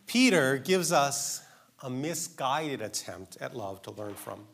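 A man's voice: medium pitch, big pitch swings, slow pace, creaky, fairly bright tone. A man preaching a sermon in an earnest, emphatic way, asking his listeners direct questions.

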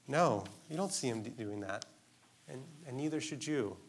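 A man's voice: medium pitch, expressive, moderate pace. A man preaching a sermon in an earnest, emphatic way, asking his listeners direct questions.

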